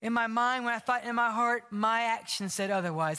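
Bright-voiced preaching pastor, echoing sanctuary. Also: male voice, very high voice, normal speed, few pauses, clear, resonant tone. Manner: impassioned preaching, dropping to a whisper for emphasis. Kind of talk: sermon. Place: large church sanctuary. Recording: long hall reverb.

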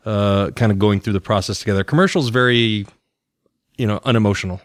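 A man's voice: lowish voice, brisk, no echo, clean studio sound. A man co-hosting a podcast, easygoing and enthusiastic in casual chat, often laughing. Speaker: podcast co-host, new realtor.

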